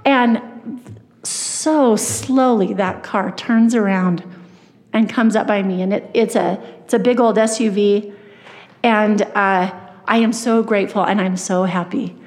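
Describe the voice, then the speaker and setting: A woman's voice: mid-range voice, steady tone, unhurried, a little mellow. A woman giving a personal testimony talk at church, telling her story earnestly with many fillers and restarts. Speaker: church speaker. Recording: long reverb of a hall.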